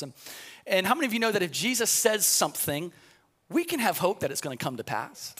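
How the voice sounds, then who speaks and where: High bright-voiced preaching pastor. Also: male voice, sing-song, fairly quick, slightly rough. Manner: builds from storytelling to shouted preaching; repeats words when starting sentences. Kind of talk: sermon.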